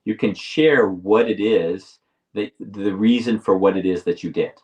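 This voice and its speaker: A man co-hosting a live talk show, explaining ideas deliberately and often restarting his phrases. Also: lowish voice, a little mellow, distant mic, lo-fi sound. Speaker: podcast co-host. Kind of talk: reflective conversational explaining.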